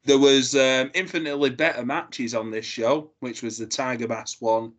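A man co-hosting a podcast, jokey and halting, often restarting his sentences. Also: mid-range voice, fairly even intonation, a bit bright. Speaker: podcast co-host. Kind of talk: casual review chat.

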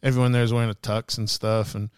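A man's voice: on the low side, little pitch movement, fast, clear, resonant tone, no room sound, studio quality. A young man on a podcast telling a story in casual chat, acting out the people he quotes. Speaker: podcast guest.

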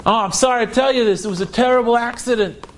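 A man's voice: very high voice, fast, slight background noise. A man voicing a young friend breaking grim news. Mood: somber. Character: young male friend bearing bad news by phone.

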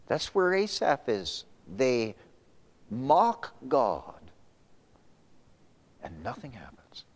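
Preaching man with lively pitch, echoing hall. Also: extremely slow. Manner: expressive preaching with sudden drops to a whisper; repeats words and restarts. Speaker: pastor. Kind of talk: sermon.

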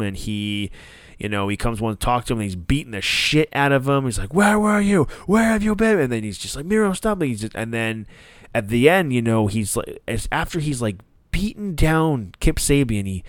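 A man hosting a wrestling talk show, giving a casual, animated recap with some swearing and quick acted-out bits of promos. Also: on the low side, clean tone, dry recording, studio quality. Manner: animated, profane, acts out promos in quick bursts. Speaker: wrestling podcast host.

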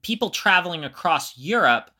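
A man's voice: high-pitched, expressive, normal speed, pushed and bright. A man co-hosting a podcast who explains history in a casual way and thinks aloud. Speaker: podcast co-host.

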